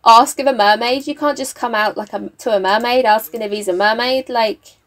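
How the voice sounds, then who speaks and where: Woman, higher-pitched voice, casual gameplay chat, laughs often, bosses the characters around, home desk mic. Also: fairly quick, a bit bright. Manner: chatty, laughs often, scolds game characters. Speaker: gaming YouTuber. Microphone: desk mic with face cam.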